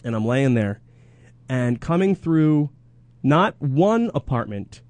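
Rambling radio co-host, dry studio sound. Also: male voice, medium pitch, very animated, slow pace, darkish tone, no room sound. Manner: rambling, self-interrupting, laughs often. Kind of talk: casual radio banter and ad reads.

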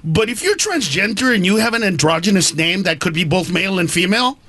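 Husky, animated comedian from Honduras. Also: male voice, high-pitched, a little fast, dry recording. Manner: animated, laughing often, acting out quotes. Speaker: comedian guest. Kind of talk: comedic storytelling on a talk show.

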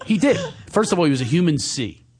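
A man telling stories in casual chat, animated and quick to slip into silly voices. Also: a little high, slightly rough. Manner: animated storyteller, slips into silly friend voices.

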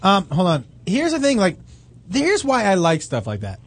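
Male co-host with a teasing, wry delivery and animated pitch. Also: normal speed. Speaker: radio show co-host. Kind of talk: casual radio chat.

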